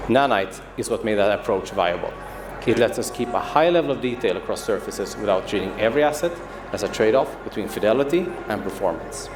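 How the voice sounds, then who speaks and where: A man, a game studio's creative director, giving a polished, measured scripted presentation. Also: on the low side, lively intonation, background noise. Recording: roomy studio video with music underneath. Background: music.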